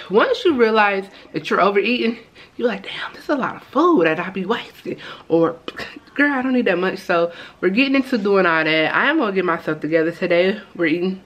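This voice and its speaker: A woman's voice: lowish voice, a bit bright, low-quality recording. A woman vlogging casually from her home kitchen, chatting upbeat to viewers and calling them y'all. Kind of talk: casual vlog chat.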